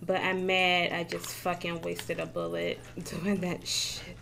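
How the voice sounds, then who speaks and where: A woman's voice: fairly low pitch, monotone, slow pace, creaky, a bit bright, a little hiss or hum. Chatty swearing woman streaming a game. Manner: chatty, swears freely, laughs often. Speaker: gaming streamer. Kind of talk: casual live-stream chat. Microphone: desk mic with facecam.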